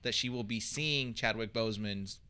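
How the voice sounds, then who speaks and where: Man, podcast host, casual chat, steering, bright tone, smooth voice. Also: lowish voice, moderate pace. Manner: steers the talk, moves things along.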